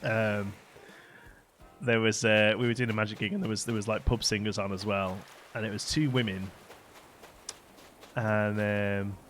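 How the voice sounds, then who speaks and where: A man's voice: on the low side, flat delivery, moderate pace, pauses often, a bit bright, soft background music. A man chatting casually while streaming a game live, rambling and laughing often.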